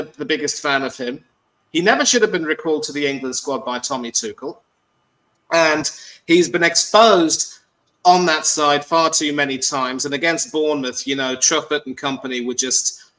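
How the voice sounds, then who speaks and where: A man calling into a football show, speaking in a measured, wordy way with lots of ums. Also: on the high side, a bit bright, low-quality recording. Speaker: caller. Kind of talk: articulate casual chat.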